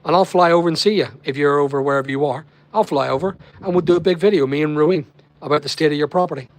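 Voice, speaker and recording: On his casual stream, the host, a Northern Irish man, meanders through viewer comments and chats to people by name. He talks at a quick pace in a voice that runs a bit high.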